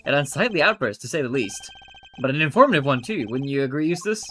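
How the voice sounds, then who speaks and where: A man's voice: fairly high pitch, very animated, fast talker, bright, forceful tone, slight background noise, pitched below the performer's own voice. Edgeworth, a man doing a cool prosecutor. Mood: dry. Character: cool composed male prosecutor.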